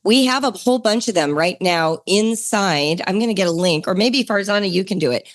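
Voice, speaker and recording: A middle-aged woman hosting a homeschooling podcast, talking in a chatty, enthusiastic way that jumps higher for emphasis. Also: a little fast. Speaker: podcast host.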